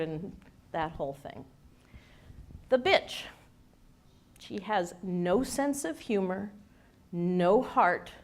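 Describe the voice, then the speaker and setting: A woman speaker and coach giving an animated, emphatic talk with wry humor to a studio audience. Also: mid-range voice. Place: event space with a studio audience.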